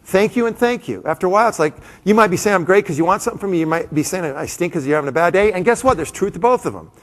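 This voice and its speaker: A man giving a live, comedic motivational talk to an audience, animated and full of quick asides to the crowd. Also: sits high. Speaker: motivational speaker. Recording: long hall reverb.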